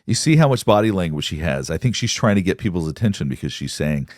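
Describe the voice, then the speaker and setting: A man, a psychologist, giving measured, explanatory commentary on court footage. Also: low voice, big pitch swings, darkish tone, no room sound, studio quality. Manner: explanatory, measured, pauses to point things out. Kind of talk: analytical commentary.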